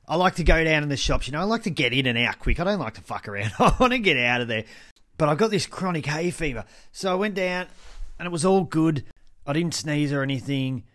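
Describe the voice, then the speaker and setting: A man's voice: on the high side, fairly bright tone. An Australian man hosting a podcast with a stuffy nose from hay fever, telling stories in a chatty way, laughing often and swearing freely. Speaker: podcast host. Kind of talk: casual solo storytelling.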